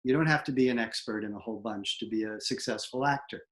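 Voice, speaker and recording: A man who is a theatre professor and dialect coach, giving an online lecture on a video call with animated, emphatic delivery. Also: lowish voice, quick pace.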